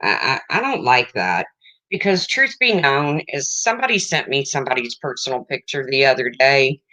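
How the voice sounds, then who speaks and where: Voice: medium pitch, big pitch swings, moderate pace, bright, forceful tone, low-quality recording. A livestream host in casual chat, rambling and breaking off to greet viewers, emotional and close to tears.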